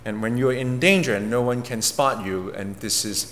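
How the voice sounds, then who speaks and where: A man interpreting a sermon phrase by phrase, in a plain delivery with hesitant filler pauses. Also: medium pitch, a bit bright, echoey room, slight background noise.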